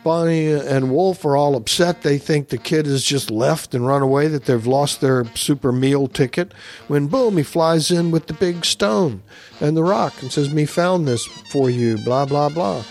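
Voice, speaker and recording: A man's voice: on the high side, normal speed, darkish tone, faint music behind. Man rambling through a comic recap. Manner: rambling, with frequent uhs. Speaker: comic book commentator.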